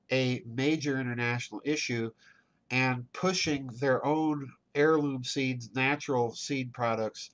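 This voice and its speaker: A man hosting a news commentary, reading articles aloud in a measured, deliberate way and marking quotes as he goes. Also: medium pitch. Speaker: host.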